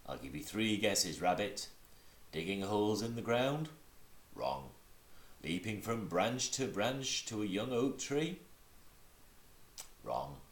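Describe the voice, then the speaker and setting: A man putting on a gloomy old donkey who answers everything dryly and with sarcasm, aloof and unimpressed. The voice sits low and rises and falls a lot, with a roomy echo behind it. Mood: sarcastic. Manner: dry, sardonic, aloof.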